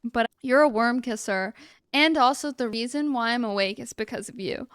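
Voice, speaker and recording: A woman's voice: fairly high pitch, normal speed, a bit bright, clear, resonant tone, no room sound, clean studio sound, close to an everyday voice. A woman voicing a sassy young girl teasing her brother in a game.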